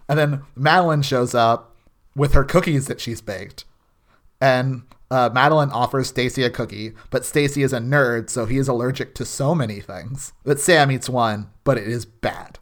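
A man co-hosting a podcast, talking through an episode in a loose, rambling way. He stops and restarts often and leans on filler words. His voice sits at an average pitch for a man. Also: measured pace. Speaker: podcast co-host. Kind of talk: casual chat.

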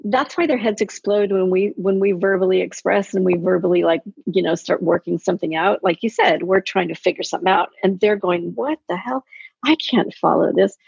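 A woman coaching in casual podcast chat, telling animated stories and acting out quotes. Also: fairly low pitch, fairly quick, gravelly, hardly any pauses, husky, no echo. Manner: animated storyteller, acts out quotes. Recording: dull, dry lo-fi sound.

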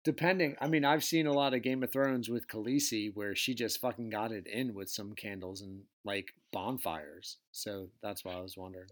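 A man's voice: on the low side, moderate pace, hardly any pauses. A man hosting a casual chat, teasing and swearing a lot as he asks his guest questions. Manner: profane, teasing, animated. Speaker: podcast host.

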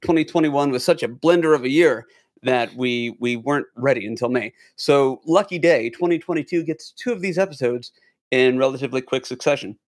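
A man's voice: medium pitch, a little fast, no room sound, clean studio sound. A man hosting a casual gaming podcast, introducing his friends with playful jokes. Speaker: podcast host. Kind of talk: casual chat.

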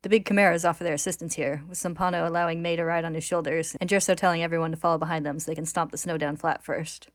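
Low-voiced woman narrating a recap. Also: steady tone, very fast, hardly any pauses, dry recording.

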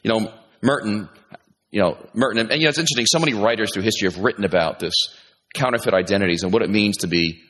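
With a quick pace, a middle-aged pastor preaches in an animated way, alternating between high, loud emphasis and low, hushed asides to act out what his listeners are thinking.

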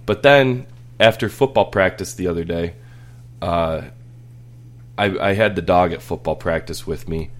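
A man in his thirties chatting casually on a podcast, rambling and laughing through family stories. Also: sits low. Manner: rambling, laughing, with many restarts. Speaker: podcast host. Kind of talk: casual storytelling chat.

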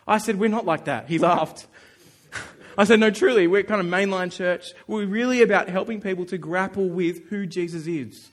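A male pastor preaching a sermon, telling a personal story in an animated, earnest way and acting out his own thoughts. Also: high voice, moderate pace. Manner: earnest and emphatic.

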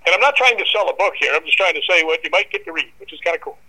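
A man guesting on a podcast, telling animated anecdotes and acting out the people he quotes. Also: fairly high pitch, rapid-fire, poor audio. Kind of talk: casual storytelling.

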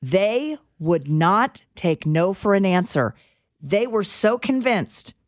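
A woman co-hosting a radio talk show, telling an anecdote in a dramatic, animated storytelling manner on a studio mic. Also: mid-range voice, slow pace, dry recording. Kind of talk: casual chat storytelling.

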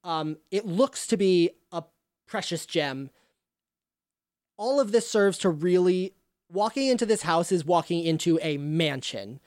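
A woman's voice: fairly low pitch, expressive, unhurried, a little mellow, dry recording, studio quality. A woman game master describing scenes for a tabletop game, with frequent ums.

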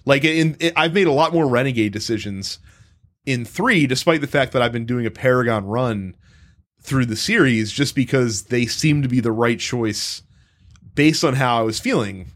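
A man co-hosting a casual talk about video games, with a voice of middling pitch. He tells long stories in a rambling, profane way and stops and restarts often. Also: normal speed. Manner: rambling, profane, animated storytelling with frequent restarts. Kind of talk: casual gaming chat.

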